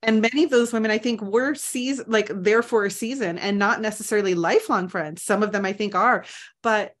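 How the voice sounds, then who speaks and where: A woman's voice: medium pitch, brisk. A woman co-hosting a podcast in casual chat, earnest and heartfelt, leaning on lots of "like" fillers. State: tearful. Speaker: podcast co-host.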